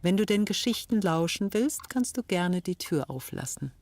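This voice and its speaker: A low-voiced, teasing landlady from 1899 for a detective game. She scolds gently and playfully, keeping her tone deep and settled. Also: lively intonation, normal speed, dry recording. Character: teasing middle-aged German landlady, 1899. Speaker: game character.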